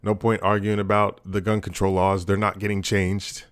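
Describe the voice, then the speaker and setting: Deep-voiced laid-back podcast guy. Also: little pitch movement, normal speed, no room sound. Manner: profane, laughing, rambling. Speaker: podcast co-host. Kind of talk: casual chat.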